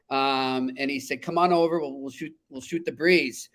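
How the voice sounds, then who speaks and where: A man's voice: mid-range voice, fairly even intonation, moderate pace, hardly any pauses. A man hosting a hockey talk show, chatty and telling stories with easy laughs. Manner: chatty storyteller, laughs easily. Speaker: podcast host. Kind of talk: casual sports talk.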